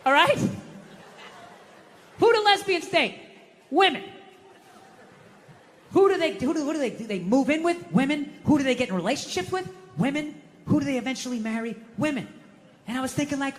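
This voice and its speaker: A man doing stand-up comedy in front of an audience, swearing, ranting, and swinging between loud outbursts and low muttering. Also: animated, fast, pauses often, some chatter behind. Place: comedy theater stage with audience. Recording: live hall with long reverb and faint noise.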